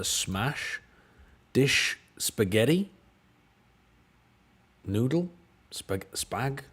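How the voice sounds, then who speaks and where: A British man streams himself working through word puzzles, thinking aloud in an unhurried, drawn-out way. His pitch rises and falls a lot. He gets exasperated and swears when the answers annoy him. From United Kingdom. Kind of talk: casual chat while solving word puzzles.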